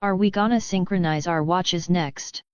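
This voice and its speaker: A rowdy young troublemaker mocks everyone around her, as a woman narrator voices her. The voice is low and smooth, with a dull, dry sound. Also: normal speed, a little mellow, dry recording, natural voice. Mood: mocking. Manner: mocking, restless.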